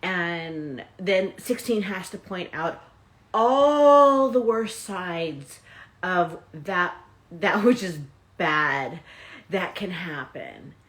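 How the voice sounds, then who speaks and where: Animated woman hosting a self-help stream. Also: fairly low pitch, drawn-out words. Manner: chatty, animated, addresses viewers directly. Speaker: host and self-help coach. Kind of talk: live-stream motivational talk.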